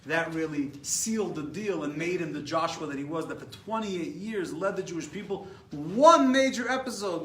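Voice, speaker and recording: A man with an American accent, a rabbi giving a lively class and taking questions, animated and repeating words as he gets going. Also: on the high side. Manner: animated, repeats words when excited, laughs at his own stories. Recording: echoey room, mic at a distance, faint hiss.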